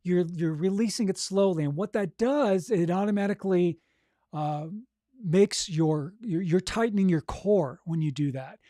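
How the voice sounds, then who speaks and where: Man, vocal coach, mellow tone, dry close sound, encouraging, chatty, checks in with "okay?". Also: sits high, normal speed, dry recording. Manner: encouraging, conversational, frequent "okay?" and "right?"; demonstrates breathing and voice exercises. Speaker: audiobook narration coach. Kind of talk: coaching monologue.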